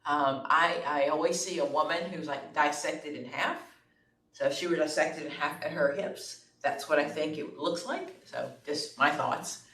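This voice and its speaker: A woman's voice: low voice, animated, measured pace, fairly bright tone. A middle-aged woman instructor giving a classroom lecture in a conversational way, often checking in with her listeners. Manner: conversational, checks in with "okay?" and "right?". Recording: echoey room, far from the mic, faint room noise.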